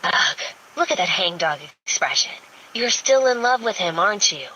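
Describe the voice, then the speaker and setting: A woman's voice: mid-range voice, sing-song, moderate pace, a little hiss or hum, rough recording. A woman voicing a brash, sardonic young redheaded woman who gripes sharply. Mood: exasperated. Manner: sharp, exasperated griping.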